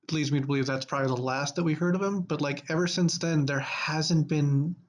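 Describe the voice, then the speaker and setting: A man's voice: on the high side, brisk, a little hiss or hum. A man co-hosting a podcast in casual chat, rambling with fillers and restarts. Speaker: podcast co-host.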